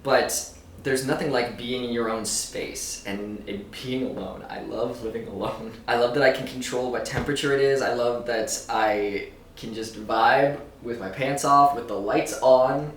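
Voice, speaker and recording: A man's voice: mid-range voice, steady tone, a little slow, far from the mic, slight background noise. A man vlogging in casual chat, rambling loosely, swearing and laughing often. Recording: roomy echo, a bit off-mic, faint ambience.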